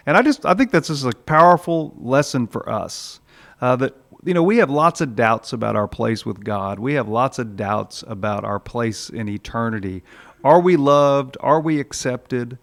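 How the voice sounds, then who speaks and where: A man's voice: mid-range voice, brisk. A man preaching a sermon in a conversational way, with frequent "uh"s, now and then acting out the voices in his story. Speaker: pastor.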